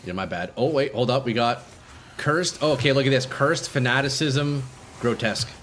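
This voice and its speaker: A man's voice: medium pitch, normal speed, fairly bright tone, a little hiss or hum. A young man streaming a game live, chatting casually with viewers and swearing freely. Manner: laid-back, swears freely, chats with viewers.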